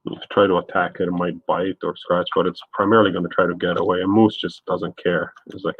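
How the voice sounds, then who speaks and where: A man with a lowish voice chats loosely with his live-stream viewers as he paints. He rambles from one thought to the next. The sound is thin and phone-like, close and dry. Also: little pitch movement, a little fast, hardly any pauses, breathy edge, dry recording. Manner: rambling, answers chat viewers by name. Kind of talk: casual live-stream chat while painting.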